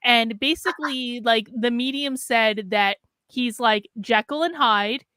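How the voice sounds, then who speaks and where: Blunt, bright-voiced woman host. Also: a little high, smooth, no room sound. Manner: blunt and profane, quick asides. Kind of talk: casual reaction chat.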